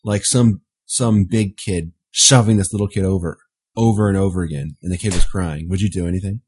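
A man's voice: low voice, a little fast, a little mellow, slight background noise. A man co-hosting a casual podcast chat, laying out long what-if scenarios and laughing often. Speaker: podcast co-host.

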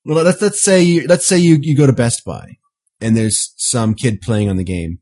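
A man's voice: mid-range voice, moderate pace, mellow. A man co-hosting a casual podcast chat, laying out long what-if scenarios and laughing often. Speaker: podcast co-host.

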